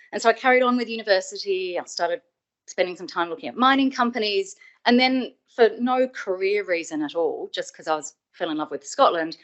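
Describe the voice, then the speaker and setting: A middle-aged woman from Australia giving a webinar talk, telling a personal story in a conversational, reflective way and stressing quoted remarks. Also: fairly low pitch. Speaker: webinar speaker.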